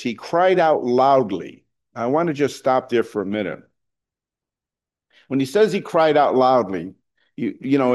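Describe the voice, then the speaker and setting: A middle-aged man preaching a sermon, talking conversationally with fillers and restarts, building to loud emphatic points. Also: medium pitch. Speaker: pastor.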